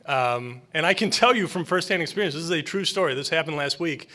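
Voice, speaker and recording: A man, a school administrator, hosting an awards ceremony in an earnest, partly unscripted speech with filler pauses. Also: a little high, lively intonation, bright, forceful tone.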